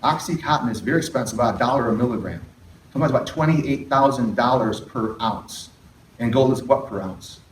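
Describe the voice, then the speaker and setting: A middle-aged therapist addresses an audience about addiction recovery with candor, often questioning the room and adding sarcastic side comments. His medium-pitched voice is brisk with lively intonation, and there is slight background noise. The sound is distant, in a roomy hall.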